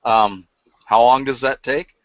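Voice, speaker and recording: A man joining a live online hangout as a guest, halting with many fillers as he patiently explains. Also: mid-range voice, steady tone, no room sound, highs cut off.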